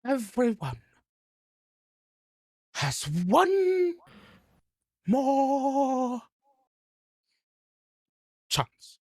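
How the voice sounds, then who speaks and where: A man's voice: extremely high pitch, wildly swooping pitch, extremely slow, pauses often, a little mellow, dry recording, clean studio sound, pitched above the performer's own voice, heavily acted. A man voicing a haughty bullywug queen, a female frog creature, in a commanding, menacing tone. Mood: threatening.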